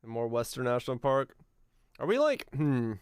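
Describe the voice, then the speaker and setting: A man's voice: medium pitch, big pitch swings, moderate pace, clear, resonant tone, dry recording, clean studio sound. A man streaming a geography guessing game, chatting casually and musing aloud, with easy laughs and the odd swear. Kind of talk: casual live-stream chat while playing a geography game.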